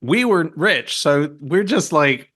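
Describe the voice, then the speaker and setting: A man's voice: on the high side, expressive, a little slow, a bit bright. A man in his late thirties from Hong Kong, a podcast guest telling long stories in casual chat, with many restarts and asides. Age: late 30s. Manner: rambling, self-interrupting storyteller.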